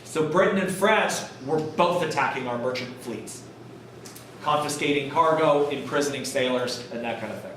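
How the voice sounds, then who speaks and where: A man's voice: mid-range voice, normal speed, a bit bright, far from the mic, a little hiss or hum. Joking male lecturer in an echoey classroom. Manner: casual and jokey, acting out historical figures. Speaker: college history lecturer. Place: college classroom.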